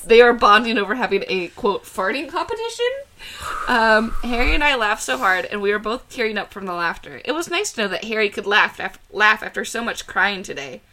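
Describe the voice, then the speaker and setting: A woman with a bright, clear voice hosts a podcast and reads fan fiction out loud. She reads it with drama and often breaks into laughter. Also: medium pitch, sing-song, brisk, a little hiss or hum. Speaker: podcast co-host.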